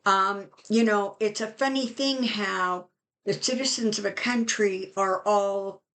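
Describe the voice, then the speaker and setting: A woman's voice: mid-range voice, a little slow, a bit bright. A middle-aged woman tarot reader talking casually and with strong opinions, full of fillers, as she reads cards for her channel. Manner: chatty, opinionated, many fillers. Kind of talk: casual channel talk with card reading.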